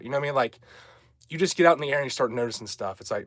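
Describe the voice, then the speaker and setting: A man's voice: medium pitch, fairly even intonation, very fast, no echo. A young man talks casually on his livestream, rambling from one point to the next as he answers viewers. His voice sits in a middle register and is recorded dry and close, with no room sound around it. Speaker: livestream host.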